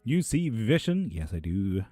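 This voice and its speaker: A man's voice: on the low side, sing-song, unhurried, warm tone, dry recording, soft background music. Swearing, laid-back male stream host. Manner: profane, laughs often, loose and joking. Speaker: live stream host reading chat questions. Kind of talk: casual live-stream chat. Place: indoor room with a fan running.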